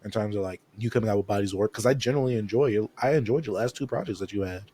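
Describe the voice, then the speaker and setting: Animated man co-hosting a hip-hop podcast. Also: lowish voice, rapid-fire, breathy edge. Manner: animated, acts out quotes when telling stories. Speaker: podcast co-host. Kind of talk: casual chat.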